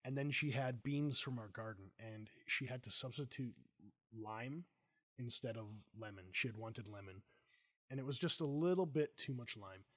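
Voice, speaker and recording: A middle-aged man hosting a casual chat, telling animated, jokey stories. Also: mid-range voice, moderate pace, no room sound, studio quality. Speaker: host.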